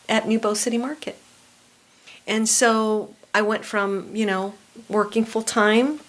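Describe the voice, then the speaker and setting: A woman guest on a podcast, telling her story in a casual chat with lots of agreeing mm-hmms. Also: medium pitch. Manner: warm storytelling, frequent backchannel mm-hmms. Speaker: podcast guest, food business owner.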